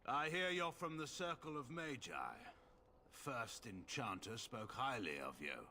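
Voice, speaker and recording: An actor playing a stern, guarded middle-aged general, speaking in a cool, measured, condescending way. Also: male voice, medium pitch, lively intonation, bright, forceful tone, a little hiss or hum. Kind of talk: video game voice acting.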